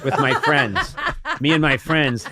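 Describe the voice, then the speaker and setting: A man's voice: mid-range voice, a little slow, crowd noise. A man hosting a talk show, riffing playfully and jokily with his guests. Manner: playful, jokey riffs with laughs. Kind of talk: comedic interview banter.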